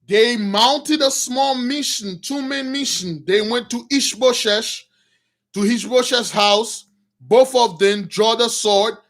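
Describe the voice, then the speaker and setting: High-voiced man retelling a Bible story. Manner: acts out characters, shouts and laughs; loose, slangy retelling with restarts. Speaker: preacher.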